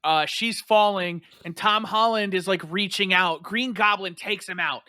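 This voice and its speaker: A man as a podcast guest in casual chat, an animated storyteller. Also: high-pitched, unhurried, no echo, studio quality.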